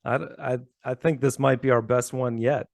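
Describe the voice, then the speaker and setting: A man co-hosts a relaxed chat in a gravelly, fry-tinged voice. He talks freely, laughs often and restarts his sentences. The sound is dry and close. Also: mid-range voice, moderate pace, no echo. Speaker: co-host. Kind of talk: casual chat.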